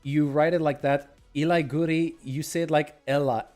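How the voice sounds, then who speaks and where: A man's voice: fairly high pitch, fairly even intonation, normal speed, a little mellow, soft background music. A man streaming a game, chatting casually, greeting viewers by name and snacking as he talks. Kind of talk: casual livestream chat.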